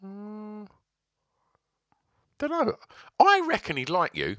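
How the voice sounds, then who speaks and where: A man's voice: high voice, huge pitch swings, takes it slowly, fairly bright tone, no echo, clean studio sound. A man co-hosting a casual podcast chat, blunt and sweary, often stammering through restarts. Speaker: podcast co-host.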